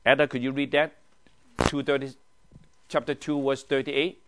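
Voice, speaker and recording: Animated pastor, questioning his class. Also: mid-range voice, normal speed, noisy background. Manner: animated, asks the group questions, drops to a hushed tone for emphasis. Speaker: pastor leading a Bible study. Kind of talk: teaching sermon.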